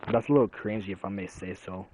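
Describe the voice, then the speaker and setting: A man's voice: sits low, fairly even intonation, quick pace, background noise. A man giving casual commentary on his video game, ranting and repeating phrases in a sing-song way. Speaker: gamer.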